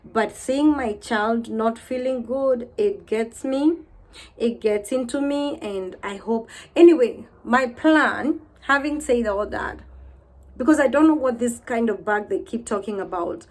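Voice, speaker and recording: A woman in her thirties vlogging to camera in a casual, heartfelt way, weary and low, repeating herself as she talks of faith. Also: unhurried.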